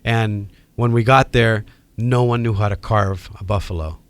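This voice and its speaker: A middle-aged man, a podcast guest telling a story in casual, animated chat and acting out the people in it. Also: on the low side, normal speed, no room sound. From Hawaii. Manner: animated, acts out quoted voices.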